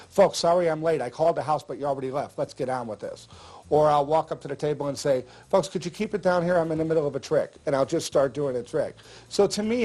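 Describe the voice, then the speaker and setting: A man's voice: on the high side, gravelly, a little mellow. An older man explaining magic tricks in a chatty, jokey way, with frequent filler words. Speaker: magic instructor. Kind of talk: casual instructional talk.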